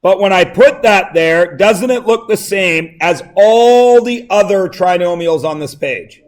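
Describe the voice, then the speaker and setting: High-voiced joking math teacher. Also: male voice, expressive, measured pace. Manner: quizzing, joking asides. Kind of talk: classroom lesson. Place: classroom.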